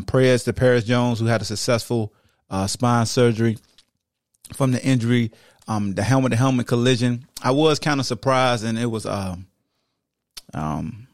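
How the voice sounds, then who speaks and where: A man's voice: mid-range voice, darkish tone, dry recording, clean studio sound. A man hosting a podcast, giving a casual, joking football recap that runs through game stats in a loose, conversational way. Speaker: podcast host.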